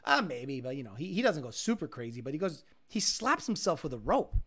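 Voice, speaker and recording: A man hosting a casual livestream chat, rambling and swearing, breaking into loud mimicked sounds. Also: on the high side, sing-song, fairly quick, breathy edge. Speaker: livestream host.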